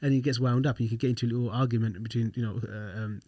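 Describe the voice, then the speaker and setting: Fast-talking man, dry close sound. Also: mid-range voice, steady tone, warm tone, no echo. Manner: explaining and reassuring, like an experienced father. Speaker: podcast co-host. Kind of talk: casual chat.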